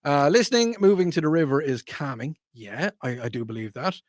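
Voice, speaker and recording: A man's voice: a little high, animated, fairly quick, no room sound. Chatty male radio host, dry studio sound. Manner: chatty, reads out listener texts, self-mocking jokes. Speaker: radio talk show host. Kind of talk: casual call-in radio chat.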